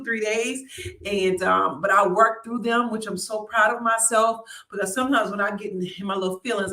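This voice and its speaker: A woman hosts a live online show, giving a motivational talk in a lively, chatty way and keeps turning to her audience with "y'all" and "right?". Her medium-pitched voice sounds reverberant, picked up by a distant mic.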